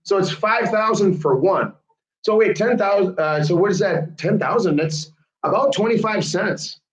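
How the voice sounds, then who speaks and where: A man hosting a casual chat, animated and laughing often. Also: high-pitched, moderate pace. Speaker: host. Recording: roomy, dull lo-fi sound.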